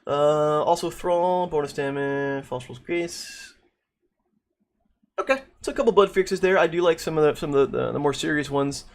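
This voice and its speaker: Man talking through patch notes, halting. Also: fairly high pitch. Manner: thinking aloud with frequent restarts and repeated words. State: losing his voice. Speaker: gaming video creator. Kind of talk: casual commentary on game patch notes.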